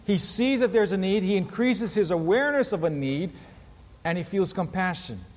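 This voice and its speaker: High-voiced preacher in a reverberant hall. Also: male voice, expressive, moderate pace, a little mellow. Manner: earnest, teaches in numbered points. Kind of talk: sermon.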